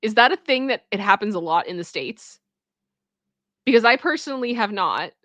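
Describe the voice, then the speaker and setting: A woman hosting casual reaction commentary, chatty and expressive and quick to laugh. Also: medium pitch, dry recording. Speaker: pop culture reaction host.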